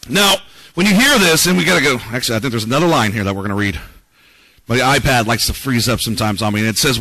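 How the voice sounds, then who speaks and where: A man's voice: medium pitch, lively intonation, quick pace, bright, forceful tone, dry recording, low-quality recording. A man preaching a conversational sermon, reading scripture aloud and asking the congregation rhetorical questions. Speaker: pastor.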